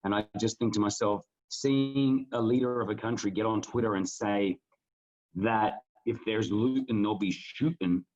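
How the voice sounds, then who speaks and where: A man co-hosting a podcast talks earnestly in casual conversation, rambling and restarting his sentences often. His voice is on the low side and a little mellow, at a moderate pace, and the recording is muffled.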